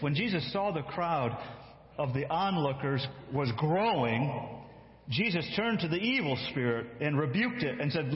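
Slow, animated preacher in an echoey hall. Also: male voice, on the high side. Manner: slow, emphatic storytelling with acted-out quotes. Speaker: pastor. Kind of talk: sermon. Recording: echoey hall, dull lo-fi sound.

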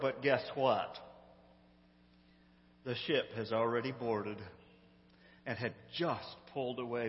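A man casually retelling a sitcom episode in an animated, amused, conversational way, recorded on a handheld phone. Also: mid-range voice, in a large hall, lo-fi sound.

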